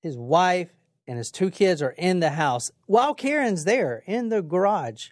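A woman's voice: fairly low pitch, sing-song, unhurried, darkish tone, no echo, studio quality. A woman hosting a podcast, telling a true crime story in a casual, blunt way, with swearing. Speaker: podcast host.

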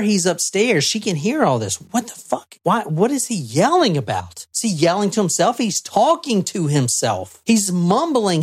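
A man's voice: a little high, no echo, clean studio sound. A man hosting a true crime podcast, retelling events in an intense, dramatic way with frequent swearing. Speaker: podcast host.

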